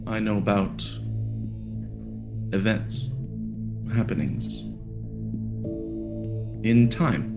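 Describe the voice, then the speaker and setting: A man voicing a demon in the form of a little girl, speaking softly and cryptically. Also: on the low side, extremely slow, vocal fry, pauses often, loud music behind the voice, full character voice. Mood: calm cryptic.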